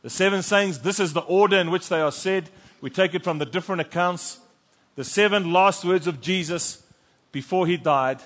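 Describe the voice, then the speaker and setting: A pastor preaching a sermon and reading scripture aloud with fervent emphasis in a church. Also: male voice, high voice, normal speed, a bit bright. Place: church sanctuary. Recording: long church reverb.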